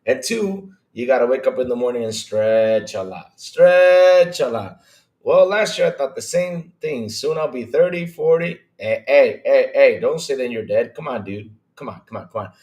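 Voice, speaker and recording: A man hosting a gaming podcast livestream, chatting casually, greeting viewers by name and teasing in a lively way. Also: a little high, normal speed, few pauses. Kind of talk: casual livestream chat reading viewer comments. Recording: roomy echo.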